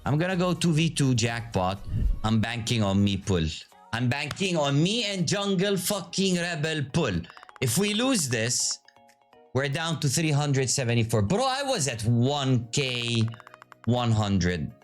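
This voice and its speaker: A man hosting his own video, giving casual live commentary to his viewers in an excitable, profane, teasing way. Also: mid-range voice, a little slow, soft background music. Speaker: video host.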